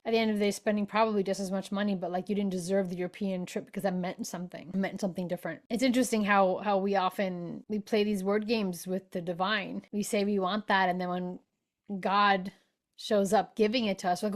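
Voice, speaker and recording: A middle-aged woman hosting a spiritual podcast, talking casually and acting out quoted voices with animated swings. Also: mid-range voice, quick pace. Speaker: podcast host.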